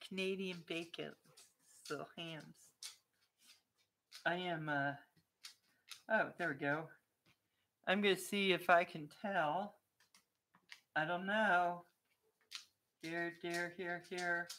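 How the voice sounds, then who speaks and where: A woman vlogger chats casually on a live stream, playful and talkative, laughing easily and turning aside to scold or coax her dog. Her voice sits low and moves at an unhurried pace, with a bright, forward edge to it. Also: fairly even intonation, a little hiss or hum. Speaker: vlogger chatting with viewers.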